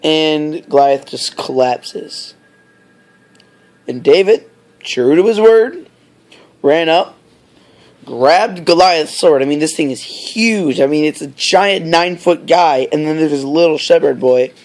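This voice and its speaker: A man casually retells a story at a slow, unhurried pace, wandering into fillers and side comments as he goes. His voice sits slightly high for a man. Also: animated, darkish tone. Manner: rambling, many fillers and asides.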